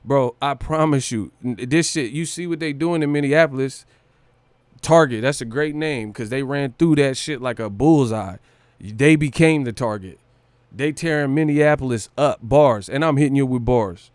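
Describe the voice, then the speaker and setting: A man's voice: medium pitch, normal speed, darkish tone, smooth, no room sound. A man hosting a boxing livestream, talking in a brash, profane, boastful way with hype energy. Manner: breaks into brief celebrity impressions and laughs. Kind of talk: casual livestream rant.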